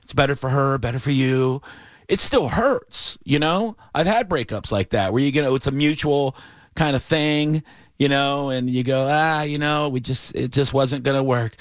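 A man hosting a sports talk show, telling a long story in a casual, animated way with lots of fillers. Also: medium pitch, normal speed, dry recording. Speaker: radio show host. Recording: dull, lo-fi and dry.

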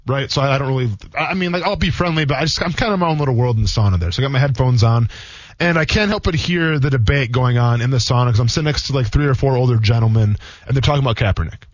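A man's voice: mid-range voice, no room sound. A man in his thirties, a former football player, co-hosting a sports radio show and telling rambling stories with lots of fillers. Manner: fast, rambling storytelling with many fillers. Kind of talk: casual sports radio talk. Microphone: studio microphone. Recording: dull, dry radio studio sound.

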